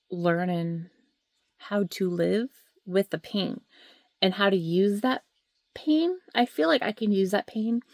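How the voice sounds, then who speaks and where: Woman vlogging at home, raw rambly emotional talk, some whispery bits, gravelly voice. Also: lowish voice, no room sound. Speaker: vlogger sharing her grief. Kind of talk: candid talking-to-camera vlog. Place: at home, indoors. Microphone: handheld camera or phone.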